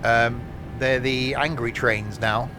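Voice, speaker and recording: A man with a medium-pitched voice speaks slowly while live-streaming a train simulator. He jokes, laughs often and answers chat, with a steady noise running under his voice.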